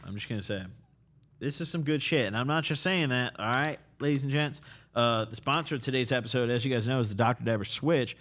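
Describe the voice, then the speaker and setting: A man's voice: medium pitch, fairly quick, fairly bright tone. A young man hosting a podcast interview, loose and rambling, tipsy, swearing and laughing often. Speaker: podcast host. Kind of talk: casual drunk interview chat. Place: small cluttered podcast studio corner.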